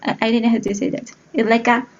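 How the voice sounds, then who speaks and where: A woman's voice: a little high, flat delivery, fast talker, a little hiss or hum. Hesitant woman student on dull call audio. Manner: hesitant, searches for words. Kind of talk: explaining an answer in class.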